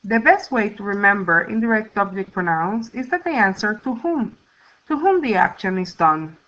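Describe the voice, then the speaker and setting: A woman gives a recorded lesson, laying out grammar rules step by step in a patient, deliberate teacher's voice. Her tone is bright and forward, and the recording sounds dull and lo-fi. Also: medium pitch, lively intonation. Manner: slow, clear teacher's explanation, sounding out syllables. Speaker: Spanish teacher.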